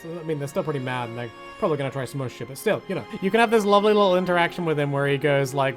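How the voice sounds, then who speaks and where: A man's voice: a little high, fast, few pauses, faint music behind. A man giving casual, joking game commentary, chatty and swearing freely as he acts out the characters. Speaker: gaming video host.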